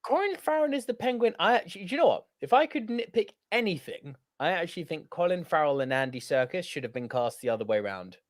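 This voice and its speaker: A man co-hosting a podcast, ranting with energy and frequent swearing. His pitch swings widely as he argues, and the sound is close and dry with no room echo. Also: very animated, quick pace, hardly any pauses. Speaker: podcast co-host. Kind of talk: casual podcast chat.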